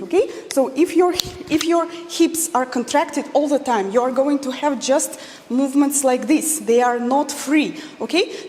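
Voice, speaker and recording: High-voiced woman counting dance beats slowly. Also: a little mellow. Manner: counts beats aloud while demonstrating, non-native phrasing. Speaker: dance teacher. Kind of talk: instructional dance lesson. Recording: long hall reverb.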